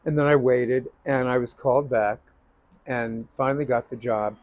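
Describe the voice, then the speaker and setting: A man's voice: medium pitch, steady tone, moderate pace, darkish tone, no room sound, rough recording. A man hosting a casual chat, telling stories from his stage career. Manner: anecdotal storyteller. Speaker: host.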